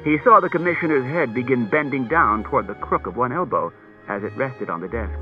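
A man's voice: mid-range voice, big pitch swings, moderate pace. Man reading an audiobook on tinny tape. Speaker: audiobook narrator. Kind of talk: scripted audiobook narration. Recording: tinny narrow-band cassette tape, faint music.

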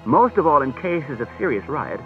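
A man's voice: medium pitch, sing-song, moderate pace. Man reading an audiobook on tinny tape. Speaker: audiobook narrator. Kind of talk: scripted audiobook narration. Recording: tinny narrow-band cassette tape, faint music.

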